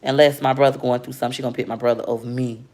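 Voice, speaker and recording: A woman's voice: very deep voice, flat delivery, rapid-fire, a little mellow. A woman in her thirties chatting earnestly with her viewers in a casual livestream and reading out their comments. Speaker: livestream host talking to viewers. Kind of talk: casual heartfelt chat to viewers.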